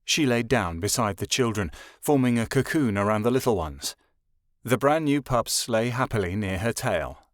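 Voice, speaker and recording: A man's voice: medium pitch, lively intonation, moderate pace, no echo. Male audiobook narrator, dry sound. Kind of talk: scripted narration.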